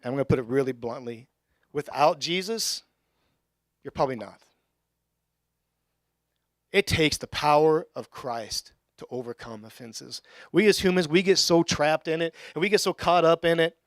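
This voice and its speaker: A young adult male pastor giving a conversational sermon in a church, with joking asides and bursts of excitement. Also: fairly high pitch, normal speed, pauses often, no room sound, studio quality. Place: church sanctuary.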